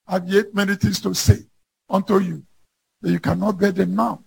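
A man's voice: high-pitched, little pitch movement, normal speed, vocal fry, slight background noise, low-quality recording. A man preaching a sermon in a fervent, emphatic way, quoting scripture.

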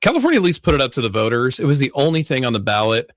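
A man co-hosting a casual political talk show, speaking in a laid-back, measured way. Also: mid-range voice, big pitch swings, no room sound. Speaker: podcast co-host.

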